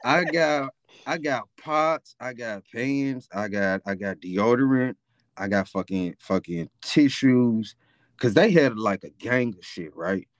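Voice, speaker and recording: A man's voice: mid-range voice, slow. A young man with a Memphis accent, casually telling a profane, rambling story as a podcast host. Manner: laid-back, profane, rambling with fillers.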